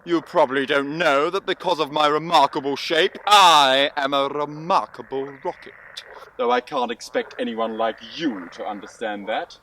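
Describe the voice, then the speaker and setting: This is a conceited talking firework rocket in a storybook audio drama, and it brags about itself with great theatrical flair. A man acts it out with a fairly high voice that leaps all over the place. A faint hiss lies underneath. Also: animated, normal speed, bright, forceful tone, rough recording. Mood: haughty. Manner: pompous, bragging, theatrical. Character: boastful self-important firework rocket, male.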